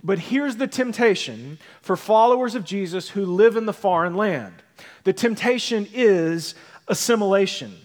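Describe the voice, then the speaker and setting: A male pastor delivers a sermon in a relaxed, conversational way, often tossing "right?" back to the congregation. His voice sits a little high for a man. The sanctuary adds a long, ringing reverb to everything he says. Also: moderate pace. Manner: conversational preaching, frequent tag questions. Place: church sanctuary.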